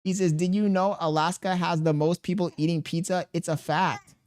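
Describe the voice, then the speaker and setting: A man's voice: sits high, steady tone, normal speed, darkish tone. A man streaming live, reading out chat messages and grumbling back at them. He rambles, swears freely and mutters to himself between lines. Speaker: livestreamer. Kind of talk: casual livestream chat, reading chat messages aloud.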